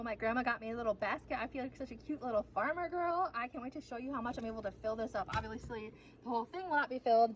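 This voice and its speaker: A woman's voice: fairly high pitch, a little hiss or hum, rough recording. A young woman chatting casually to camera in a home vlog, giggly and self-mocking as she cooks and gardens. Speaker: vlogger.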